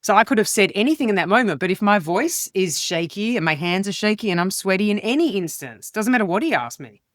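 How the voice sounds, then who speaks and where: Woman, lively storyteller, acts out quotes, mid pitch, dry sound. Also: fast talker, no echo. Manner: animated, acts out quotes in changing voices. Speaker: guest, comedian and communication expert. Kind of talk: casual storytelling interview.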